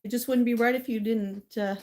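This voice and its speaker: A woman's voice: a little high, steady tone, fairly quick, warm tone. A woman hosting a casual livestream, chatting to viewers and talking sweetly to her dog. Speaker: livestream host.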